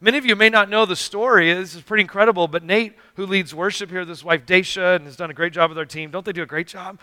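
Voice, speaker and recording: Bright-voiced male pastor preaching. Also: high-pitched, steady tone, quick pace, no echo. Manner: storytelling with acted-out dialogue, earnest and emphatic. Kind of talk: sermon. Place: church sanctuary.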